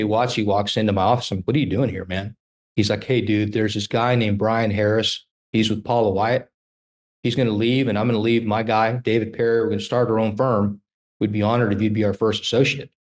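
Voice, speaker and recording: A man in his fifties, a trial lawyer telling animated stories in a casual interview and acting out the dialogue. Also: lowish voice.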